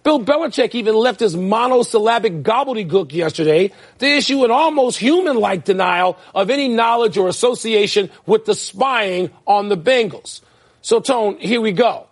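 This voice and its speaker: A man in his sixties co-hosts a sports debate show, making his points with emphasis and breaking into laughter. His voice sits high and carries a husky edge. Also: animated, moderate pace. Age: 60s. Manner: emphatic, laughing asides, reads show segments. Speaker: sports talk show co-host.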